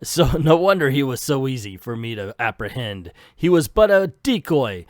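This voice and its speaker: A man's voice: medium pitch, sing-song, normal speed, no room sound, clean studio sound, close to an everyday voice. A man reading the lines of a boastful French villain fighter in a grandiose, formal way, dropping the French accent he admits he cannot do.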